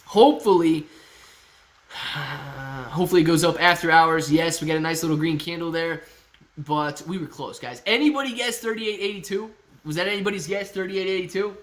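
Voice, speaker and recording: A man hosting a live stock-market stream, calling out prices rapidly and chatting with viewers in a casual, excited way. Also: a little high. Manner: excited, calls out prices like an auctioneer. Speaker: livestream host.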